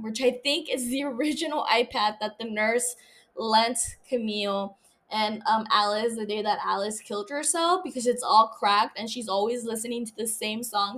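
A woman's voice: fairly high pitch, fairly bright tone. A young woman hosting a podcast, chatting casually about a TV show. She rambles, laughs often and swears freely. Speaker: podcast host. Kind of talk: casual TV recap chat.

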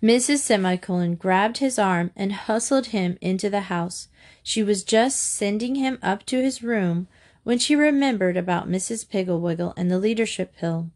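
A woman's voice: mid-range voice, moderate pace, a little mellow. Woman reading a children's storybook aloud. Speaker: audiobook narrator. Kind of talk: storybook read-aloud narration.

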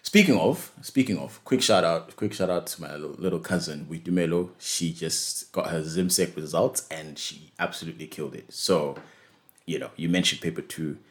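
Deep-voiced man in rambling podcast chat. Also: moderate pace. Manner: relaxed, rambling, repeats words and restarts often. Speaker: podcast co-host. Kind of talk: casual chat.

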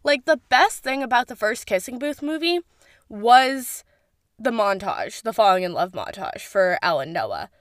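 A woman's voice: a little high, normal speed, dry recording. A young woman reviewing a series in a casual, gushing way, full of "like" and the odd swear word. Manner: gushing, animated, heavy use of "like", swears casually. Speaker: show reviewer.

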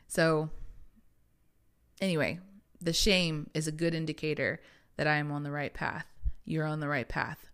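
A woman's voice: low voice, steady tone, moderate pace, a bit bright. A woman hosting a podcast, talking candidly and reflectively about her spiritual growth, often laughing and acting out inner voices. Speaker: podcast host.

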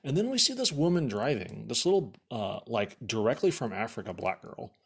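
Animated, swearing man telling a story. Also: mid-range voice, brisk, vocal fry, breathy edge. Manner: profane, rambling with many "like" fillers; animated, exasperated retelling. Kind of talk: casual anecdote telling.

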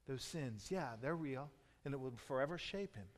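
A man preaching a sermon as a pastor, moving between loud emphatic lines and hushed, near-whispered retellings. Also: a little high, expressive, fairly quick, big-room sound.

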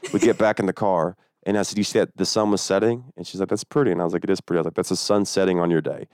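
A man's voice: deep voice, racing, a little mellow, clear, resonant tone, no echo, clean studio sound. A man telling a long, profane story in a casual podcast chat.

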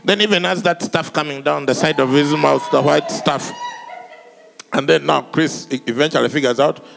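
A man preaching an animated, comic sermon, swinging between shouts and hushed asides. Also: a little high, normal speed, gravelly, slight background noise. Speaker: pastor.

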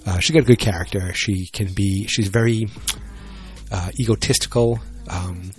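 Rambling, joking man with a low voice. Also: fairly even intonation, normal speed, a little mellow, faint music behind. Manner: rambling, joking, self-deprecating. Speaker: solo wrestling vlogger. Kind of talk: casual rambling chat.

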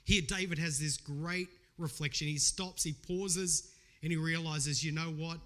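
A man's voice: on the high side, fairly even intonation, a little slow, sharp tone. A middle-aged man preaching a sermon as a pastor, earnest and conversational, weaving in personal stories.

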